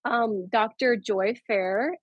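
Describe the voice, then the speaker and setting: Animated woman storyteller with a higher voice. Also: takes it slowly, no echo, lo-fi sound. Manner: animated storytelling, laughs often. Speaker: guest. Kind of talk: casual conversation.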